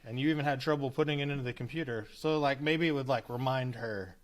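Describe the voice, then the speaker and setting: A man in his thirties co-hosting a podcast, telling an everyday story. He talks in a casual way, swears freely and acts out what people said. His pitch sits in the middle of the range. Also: fast talker. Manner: animated, acts out quotes with cursing. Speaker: podcast co-host.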